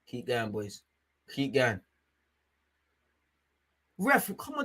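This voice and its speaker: A young man hosting a live football watchalong. He is excitable, shouts at the referee and drops to low mutters in between. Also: very slow, slight background noise. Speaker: fan watchalong host.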